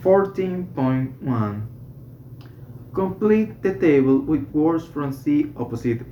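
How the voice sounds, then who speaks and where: A student slowly reading a medical English textbook aloud, correcting small slips along the way. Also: mid-range voice, animated, a little hiss or hum. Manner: slow, careful reading with self-corrections. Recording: roomy, slightly dull home recording.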